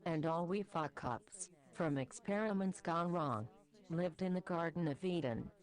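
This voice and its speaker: A woman voicing a small, crude, hot-tempered male goat devil who swears a lot, in a lowered gruff voice. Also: unhurried, lightly acted. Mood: explaining.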